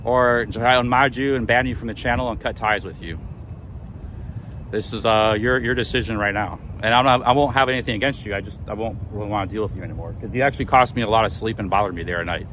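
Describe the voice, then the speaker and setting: A man's voice: fairly low pitch, fast, fairly bright tone, a little hiss or hum. A man livestreaming outdoors on city streets, agitated and defensive, with stammering restarts. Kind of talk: live walk-and-talk stream.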